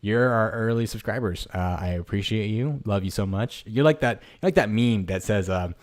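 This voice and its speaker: A man hosting a casual solo podcast, rambling and halting with many restarts and fillers, laughing at himself when he loses a word. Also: on the low side. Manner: self-deprecating, laughs at himself. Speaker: podcast host. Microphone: streamed podcast mic.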